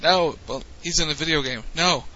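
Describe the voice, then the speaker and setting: A man hosting a casual wrestling recap podcast, relaxed and teasing, recounting matches play by play. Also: on the high side, moderate pace, muffled recording. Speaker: podcast host.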